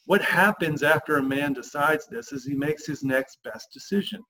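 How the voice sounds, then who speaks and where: A man coaching husbands on a podcast, emphatic and lively, acting out the lines he quotes. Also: on the high side, moderate pace, background noise. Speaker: relationship coach.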